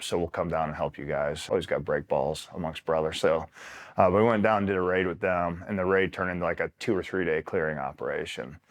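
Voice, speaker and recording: A middle-aged man from upstate New York, a retired Marine, casually telling war stories, swearing freely and acting out quotes with a laugh. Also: low-pitched. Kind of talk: casual storytelling interview.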